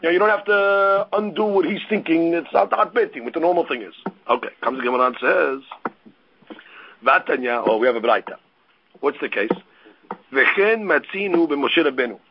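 A man giving a Talmud study lecture, reading Aramaic lines and explaining them in English with animated storytelling and frequent restarts. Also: fairly high pitch, normal speed, highs cut off, slight background noise. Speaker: Talmud teacher.

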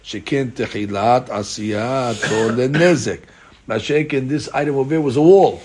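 A man's voice: mid-range voice, moderate pace, darkish tone, breathy edge. A man teaching a daily Talmud class, reading out Aramaic text and explaining it in casual English with rhetorical questions and many fillers.

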